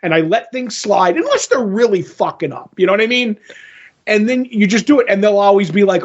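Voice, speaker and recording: Male podcast co-host, high husky voice, animated storyteller who swears and mimics people, dull lo-fi audio. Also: a little fast. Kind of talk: casual chat.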